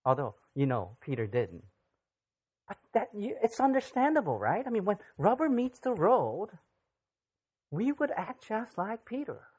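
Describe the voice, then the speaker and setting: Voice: medium pitch, very animated, a little slow, darkish tone, husky. A pastor giving a sermon in a casual, conversational way, often asking the listeners questions. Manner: conversational, asks the audience rhetorical questions.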